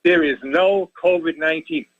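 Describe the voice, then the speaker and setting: A man's voice: high-pitched, lively intonation, normal speed, creaky, no echo. A man calling in to a radio show, ranting and pleading with emotion and repeating himself. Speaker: caller. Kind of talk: impassioned call-in rant. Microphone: telephone. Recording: muffled phone line.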